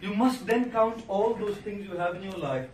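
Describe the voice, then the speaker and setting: A man, a monk giving an inspirational public speech, telling stories and listing words with pauses for effect. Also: high voice, expressive. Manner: storytelling, rhetorical, lists words with pauses. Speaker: monk giving a motivational talk. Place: large hall before an audience. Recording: echoey hall, distant mic, noisy.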